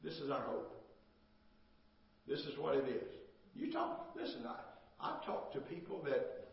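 A man's voice: medium pitch, huge pitch swings, measured pace, creaky. An older man preaching a sermon as pastor, emphatic and repetitive, asking "amen?" as he goes. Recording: echoey, distant, dull church recording.

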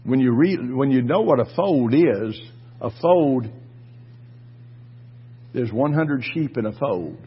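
A man preaching a fervent sermon, swinging between quiet asides and loud exhortation. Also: mid-range voice, lively intonation, takes it slowly, long pauses, slightly rough, highs cut off. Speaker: pastor.

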